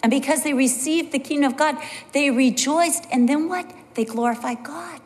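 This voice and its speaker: A woman Bible teacher preaching a sermon in an animated way, leaping up into high exclamations when she acts out what people say. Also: moderate pace. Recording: long hall reverb.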